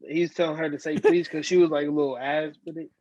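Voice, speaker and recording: A young man co-hosting a podcast, telling a story in a halting, giggly way with many fillers. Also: a little high, steady tone, darkish tone, lo-fi sound. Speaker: podcast co-host. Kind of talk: casual chat.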